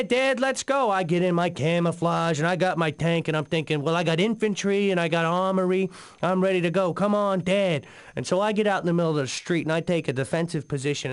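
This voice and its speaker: A man's voice: a little high, natural voice. A man playing a rambling boozy radio co-host. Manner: rambling storyteller, lots of fillers. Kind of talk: comedic in-game radio talk.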